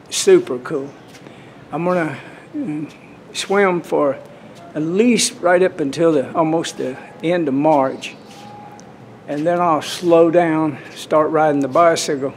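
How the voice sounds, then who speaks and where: Slight background noise accompanies this vlogger, a man in his 60s whose voice runs on the high side. Standing by a swimming pool, he chats to the camera in a rambling, folksy manner, frequently starting over.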